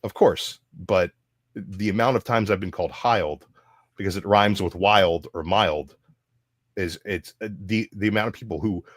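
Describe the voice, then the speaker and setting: A man hosting a casual live stream chat, swearing freely and telling stories in an animated way. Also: sits low, moderate pace, dry recording, clean studio sound. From United States. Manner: profane, ranting, animated storytelling. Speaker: show host.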